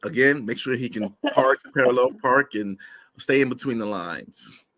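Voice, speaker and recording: A man's voice: mid-range voice, normal speed, a bit bright, no room sound. A man co-hosting a casual podcast, teasing the others and repeating his words. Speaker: podcast co-host. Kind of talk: casual banter.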